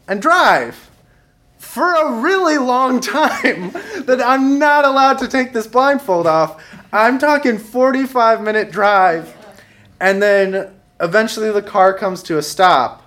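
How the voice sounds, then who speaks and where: A young man with a very high, animated, somewhat bright voice speaks slowly as he tells a comic personal story live on stage. He's wry and self-deprecating, laughing softly as he goes.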